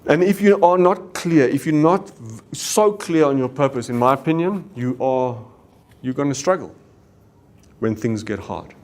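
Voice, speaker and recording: A man's voice: mid-range voice, expressive, normal speed, a little mellow. South African man telling a story. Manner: earnest storytelling with Afrikaans exclamations. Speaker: business leader. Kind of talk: leadership talk.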